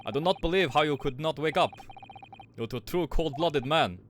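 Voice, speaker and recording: A man's voice: on the high side, rapid-fire, pushed and bright, slight background noise. A man voicing a stern adult male ship officer with a heavy, put-on Russian accent, talking in a menacing, accusing way.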